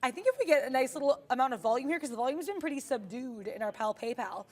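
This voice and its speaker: A woman's voice: high voice, expressive, fast talker, darkish tone. Candid, chatty woman trading live. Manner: candid, chatty, playful bursts. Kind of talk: live market commentary.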